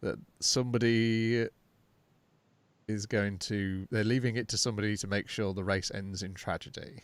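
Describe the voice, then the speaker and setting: A man's voice: on the low side, fairly even intonation, moderate pace, no echo. A man co-hosting a podcast, recapping an episode casually and unhurriedly, with fillers. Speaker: podcast co-host.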